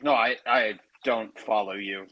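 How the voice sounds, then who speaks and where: A man calling into a stream on a headset, giving calm advice with hesitant fillers while washing dishes. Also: fairly low pitch, unhurried, highs cut off. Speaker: stream caller. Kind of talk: casual chat. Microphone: headset microphone. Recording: headset with faint background noise. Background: doing dishes, running sink.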